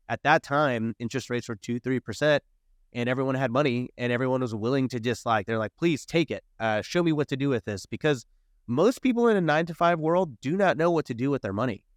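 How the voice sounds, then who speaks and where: A man in his thirties talks casually as a podcast guest and tells stories in an animated way, jumping into the voices of the people he quotes. His voice is smooth and resonant, at an ordinary pitch for a man. The recording is close and dry, with no room sound. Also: no room sound. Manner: animated storyteller, acts out quoted dialogue. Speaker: podcast guest, real estate investor. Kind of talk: casual storytelling interview.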